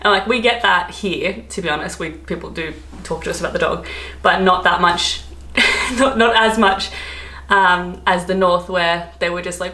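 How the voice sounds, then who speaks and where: A woman's voice: lowish voice, fairly even intonation, moderate pace, sharp tone. An Australian woman vlogging in casual chat, rambling with lots of fillers and asides. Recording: echoey room.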